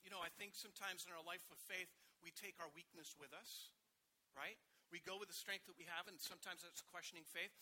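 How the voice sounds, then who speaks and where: A man preaching a storytelling sermon, swinging between loud emphasis and hushed asides. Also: sits high, fairly even intonation, a little fast, a little hiss or hum. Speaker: pastor.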